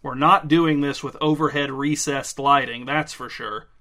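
Man putting on a brusque, hot-tempered middle-aged man, commanding, bright edge. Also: medium pitch, steady tone, unhurried. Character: gruff, bossy short stocky middle-aged man.

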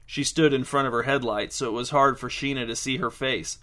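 A man narrating a story in a measured, deadpan way. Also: mid-range voice. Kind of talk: audiobook narration.

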